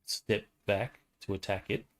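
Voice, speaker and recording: Guy running a tabletop game, deep voice, pretty monotone, calm rule explaining. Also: unhurried. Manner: patient, matter-of-fact rule explanations. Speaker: game master.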